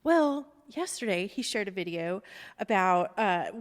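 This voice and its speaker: Middle-aged woman host, rambling casual storyteller with frequent laughs, mid pitch, long reverb on the track. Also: animated, measured pace. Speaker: podcast host. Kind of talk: casual chat.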